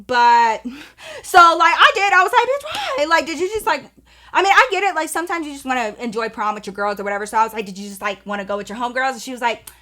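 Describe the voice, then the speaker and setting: A woman in her twenties telling a casual, profane story time to her viewers, animated and chatty. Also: sits high, fast talker. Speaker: storytime vlogger.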